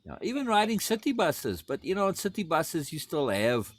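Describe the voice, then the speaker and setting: A man's voice: a little high, normal speed, no echo. Guy chatting on a call, voice bouncing all over, laughs a lot, says stuff twice. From outside the United States. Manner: animated, repeats words, laughs often. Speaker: podcast host. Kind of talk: casual conversation.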